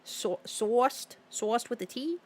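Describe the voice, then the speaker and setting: Her voice sits fairly high and sounds animated, moving at a slow pace. She's a young woman streaming a game, talking loosely with her audience, often giggling and drifting from the subject while reading viewer comments out loud.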